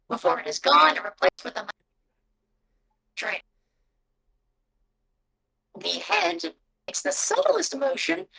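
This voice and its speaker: A woman's voice: fairly high pitch, gravelly, bright, forceful tone. A woman narrating a tabletop game as game master over a video call, descriptive and prone to self-corrections.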